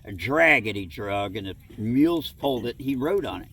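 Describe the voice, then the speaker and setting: Heard through a distant mic with faint noise behind him, a middle-aged man from southwest Ohio describes encounters from his boyhood in an interview. He's animated, talking at normal speed in a fairly bright, mid-range voice. His telling is folksy and meandering, with pieces of dialogue acted out.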